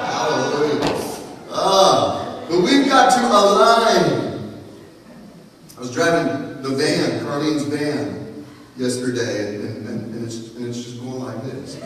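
A man preaching a sermon as pastor, animated and rhythmic, with repetition and playful asides. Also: medium pitch, slow pace, pauses often, slight background noise. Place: church sanctuary. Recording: echoey hall, voice from far off.

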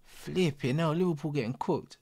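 A young man, reacting live to a football match as a streamer, excitable and full of slang. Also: on the high side, normal speed. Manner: excitable, slangy, repeating exclamations. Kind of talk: live watch-along reaction.

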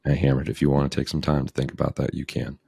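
A man with an extremely low voice that is dark and husky, hosting a casual podcast. He sounds playful and upbeat, with a light streak of self-teasing. The sound is dry and close to the mic. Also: completely flat delivery, quick pace, dry recording. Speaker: podcast host.

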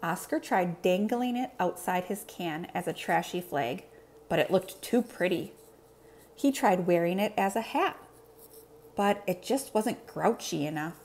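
A woman teacher reads a children's storybook aloud. Her narration is expressive, and her pitch swings widely from line to line. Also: a little slow, a little hiss or hum.

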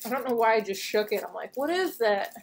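A woman's voice: on the high side, animated, brisk, vocal fry, background noise. A woman hosting a casual unboxing video, chatty and gushing, with lots of fillers as she looks over each item. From United States. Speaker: unboxing channel host.

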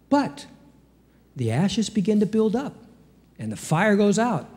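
Male pastor, animated sermon delivery, slightly raised pitch, church hall reverb. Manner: lively preaching with sudden pitch jumps and rhetorical questions. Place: church sanctuary.

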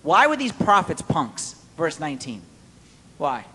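High-voiced guy preaching, playful, asks the crowd stuff, long church echo. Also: measured pace. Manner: animated, playful, quizzes the audience. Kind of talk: sermon, Bible study.

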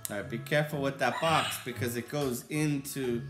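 A man playing a video game alongside his child, coaching briefly in a dry, low-key, terse way during casual chat at home. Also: moderate pace. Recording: echoey room with music playing.

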